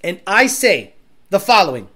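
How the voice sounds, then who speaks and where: A man's voice: high-pitched, sing-song, normal speed, bright, forceful tone. Blunt, profane man ranting on a livestream. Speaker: livestream host reading chat. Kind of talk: casual livestream rant.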